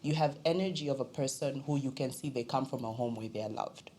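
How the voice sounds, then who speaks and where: A young Zambian woman, a podcast guest, telling personal stories with lively quoted voices in casual conversation. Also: a bass voice, a little fast. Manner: animated storytelling, quoting family in other voices.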